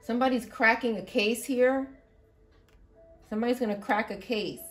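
A woman giving an intuitive tarot reading, thinking aloud, halting and repeating herself. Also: fairly high pitch, soft background music. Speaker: tarot reader.

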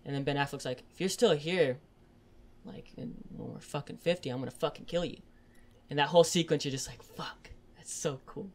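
A man's voice: a little high, brisk. A man co-hosting a podcast, retelling film scenes in a rambling, profane way with lots of fillers. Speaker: podcast co-host. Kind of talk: casual chat.

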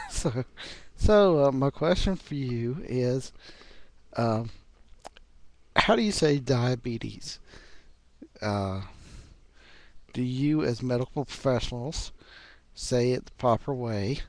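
Slow, halting Southern man in his thirties. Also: mid-range voice, no echo. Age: 30s. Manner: relaxed, halting, many fillers. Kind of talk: casual video message.

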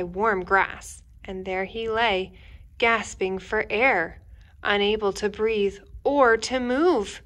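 Expressive woman reading a picture book. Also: medium pitch, slow. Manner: gentle, expressive, addresses kids directly. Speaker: teacher reading to children. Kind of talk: children's picture-book read-aloud. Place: indoors at home.

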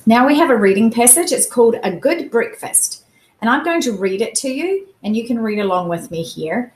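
A woman teacher giving a recorded phonics lesson to children, sounding out vowel sounds slowly and carefully. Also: on the high side, lively intonation. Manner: slow, careful enunciation of sounds. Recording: echoey room.

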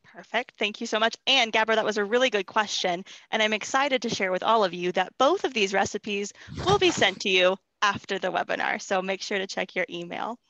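A woman's voice: mid-range voice, a little fast, fairly bright tone, no room sound, muffled recording. A woman hosting a live travel webinar, upbeat and encouraging, reading questions from the chat. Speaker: webinar host. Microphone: video call.

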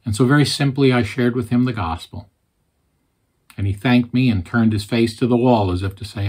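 A man's voice: mid-range voice, normal speed, darkish tone, husky. A man giving an earnest storytelling sermon, plainly retelling his conversations. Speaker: Christian speaker.

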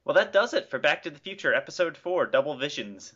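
A man hosting casual video game commentary, relaxed and a little hesitant as he talks. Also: fairly high pitch, quick pace, husky, dull audio.

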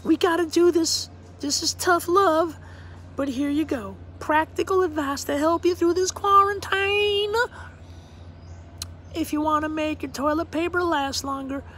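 A man's voice: extremely high pitch, fairly bright tone, a little hiss or hum, voice pushed up. A man voicing a prim Southern woman from Savannah who gives bossy tough-love advice in a matter-of-fact drawl. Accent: Savannah Southern put-on. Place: outdoor deck.

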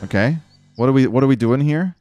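A man gives casual commentary while playing a game, thinking out loud and poking fun at his own choices. His voice sits at an ordinary middle pitch, and he drops in casual swearing and a lot of "dude". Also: lively intonation, brisk, muffled recording, faint music behind. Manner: self-mocking, talks to himself while playing. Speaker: gaming streamer.

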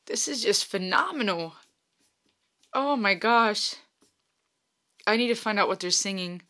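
A woman's voice: mid-range voice, animated, a little slow, long pauses, bright, forceful tone. A young woman hosting a music reaction, talking casually and emotionally, often lost for words and restarting her sentences. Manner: emotional, effusive, stumbling over words.

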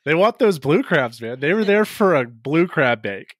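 A man's voice: a little high, sing-song, normal speed, dry recording, clean studio sound. Laid-back, slangy man co-hosting a podcast. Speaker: podcast co-host. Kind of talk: casual chat.

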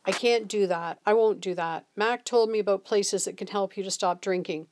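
A woman's voice: mid-range voice, fairly even intonation, normal speed, a little mellow, natural voice. A woman reading as an earnest teenage boy. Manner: earnest and pleading. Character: earnest fifteen-year-old boy.

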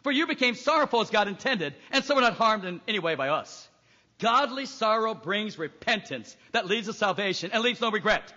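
A man's voice: high voice, lively intonation, brisk, bright, forceful tone. A man preaching a sermon, reading scripture aloud and emphatically acting out voices. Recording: echoey hall, dull lo-fi recording.

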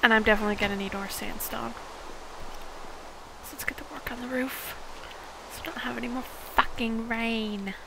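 A woman's voice: on the high side, fairly even intonation, moderate pace, gravelly, pauses often, very noisy. A woman in her forties with a Midwestern American accent, chatting casually while she plays a game, rambling and dropping into half-whispered asides. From Iowa, United States. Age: 40s. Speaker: gaming video host. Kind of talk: casual gameplay chat.

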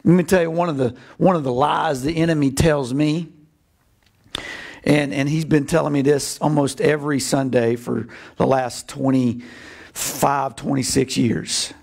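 A middle-aged male pastor preaching a sermon, animated, bursting into excited shouts as he acts out scripture. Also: on the high side, moderate pace.

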